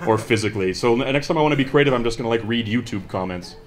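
A stand-up comedian with a medium-pitched voice talks very fast into a handheld mic during a live set. His delivery is chatty and self-mocking, and he slips into other people's voices when quoting them.

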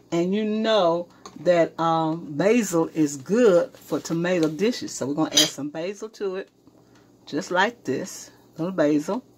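A woman's voice: medium pitch, slight background noise. A woman hosting a cooking demonstration, chatting to her viewers in a homey, easygoing way as she cooks in her kitchen. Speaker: cooking show host.

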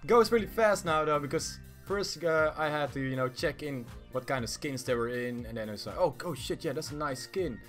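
A man giving casual, excitable commentary while betting on a game, swearing often and swinging from mumbles to yelling. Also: fairly high pitch, a little fast, hardly any pauses, faint music behind. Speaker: gaming YouTuber.

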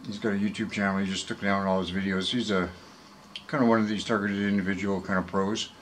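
A man vlogging to his viewers in a rambling, profane monologue, full of fillers and quick apologies. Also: on the low side, little pitch movement, fairly bright tone, slight background noise, low-quality recording. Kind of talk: casual rambling monologue to camera. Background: background music.

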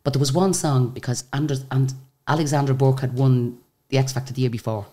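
A woman's voice: a bass voice, steady tone, a little fast, dark tone. An Irish woman, a guest in a casual interview, tells a long story in a chatty way, with restarts and asides, and acts out the people she quotes.

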